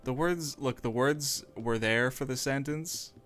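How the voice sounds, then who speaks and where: A man's voice: mid-range voice, a little slow, fairly bright tone, soft background music. A man streaming live as he draws, rambling through casual chat with self-mocking jokey asides. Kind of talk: casual livestream chat while animating. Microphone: streaming microphone.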